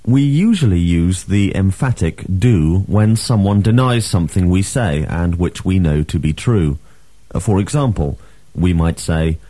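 A man teaching a language lesson, reading drills and asking questions with clear, emphatic delivery. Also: sits low, mellow, dry recording.

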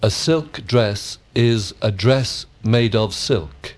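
A man recites model answers in complete sentences. He speaks slowly and evenly, in a somewhat low voice. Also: animated. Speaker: model student. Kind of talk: scripted drill answers.

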